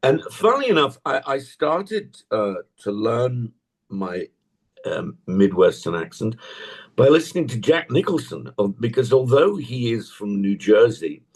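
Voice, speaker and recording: Gravelly older Englishman telling stories. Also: medium pitch, sing-song, a little slow. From England. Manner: rambling anecdotal storyteller. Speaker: actor guest. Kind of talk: casual interview chat. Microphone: tablet on a video call.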